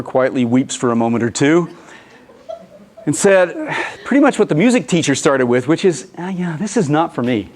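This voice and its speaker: Animated male conference presenter. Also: fairly high pitch. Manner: animated storytelling with quoted voices. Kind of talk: lecture presentation.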